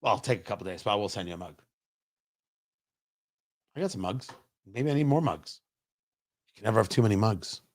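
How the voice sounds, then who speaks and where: A man's voice: on the low side, lively intonation, a little fast, long pauses, a little mellow. A man hosting a talk show, giving sarcastic, opinionated political commentary straight to his listeners.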